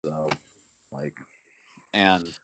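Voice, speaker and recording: A man's voice: sits low, fairly even intonation, drawn-out words, vocal fry, a bit bright, slight background noise, poor audio. A man hosting a podcast in a casual, rambling chat, swearing and restarting his thoughts often. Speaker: podcast host.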